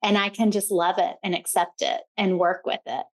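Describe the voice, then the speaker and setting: Woman on a podcast musing slow and roundabout, mid pitch. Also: little pitch movement. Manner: reflective, long-winded and roundabout. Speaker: podcast co-host. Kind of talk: casual chat.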